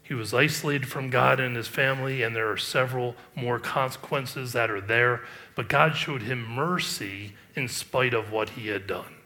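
Middle-aged pastor guy preaching, reads scripture then talks it through, bright tone. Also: mid-range voice, normal speed. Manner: reads scripture aloud, then comments with emphatic rises and quiet asides. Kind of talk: sermon.

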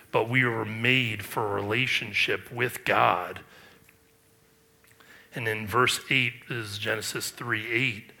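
A man's voice: fairly low pitch, creaky, bright, forceful tone. A man preaching a sermon, earnest and emphatic, with rhetorical questions. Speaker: pastor.

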